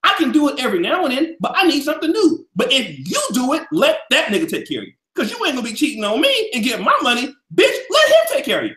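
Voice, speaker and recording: Brash, profane male co-host with a lively, swinging delivery, recorded in a roomy space. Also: very high voice, fast talker, hardly any pauses. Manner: loud, profane, boastful, swings from shouting to muttering. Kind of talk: heated casual podcast rant.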